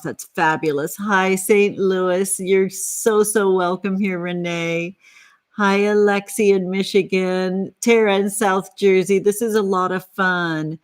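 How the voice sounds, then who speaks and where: Female tarot reader and livestream host, chatty and affectionate with her viewers. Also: medium pitch. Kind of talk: casual livestream tarot reading.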